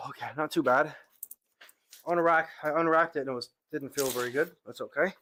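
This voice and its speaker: There's a little hiss or hum behind this young man, who is live-streaming at the gym and casually chatting with viewers between lifts, saying "bro" and "like" a lot. His arms are tired and he sighs between sets. His sharp-toned voice sits on the high side at a moderate pace.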